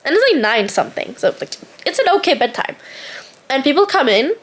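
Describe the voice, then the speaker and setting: High-voiced woman telling a story. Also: fairly quick. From Norway. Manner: animated, exasperated ranting with lots of "like". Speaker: travel vlogger. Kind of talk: casual storytelling to camera.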